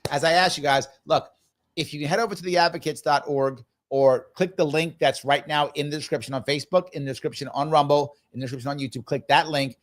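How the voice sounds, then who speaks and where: He is a show host in his fifties on a live stream, reading comments from viewers aloud and replying in a casual, musing style with frequent repetition. His voice is fairly high-pitched with fairly even intonation, and he talks fast.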